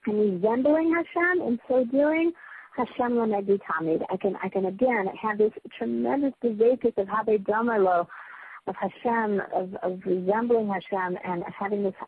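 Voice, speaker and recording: A woman's voice: medium pitch, normal speed, breathy edge, no room sound, phone-quality sound. A woman teaching a Torah class to a small group. She is earnest and emphatic, often restarts her phrases and checks in with her listeners. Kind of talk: spiritual lecture to a small group.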